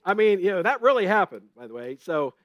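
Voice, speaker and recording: A man's voice: high-pitched, sing-song, quick pace, fairly bright tone, dry recording, muffled recording. Chatty man teaching from the Bible. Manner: chatty, keeps asking "right?", retells stories with gusto; laughs at his own stories.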